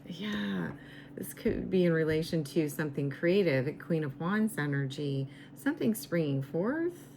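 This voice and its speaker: A woman reading tarot cards in a slow, musing way, her voice going raspy as she loses it. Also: deep voice, very animated, warm tone, a little hiss or hum. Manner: slow, musing, repeats herself. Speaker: tarot reader.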